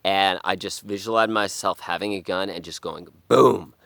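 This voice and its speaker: A man talking casually to camera, swearing often and rambling through restarts, sometimes sinking to a hushed whisper. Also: sits low, moderate pace, creaky. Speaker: vlogger. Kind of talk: casual monologue.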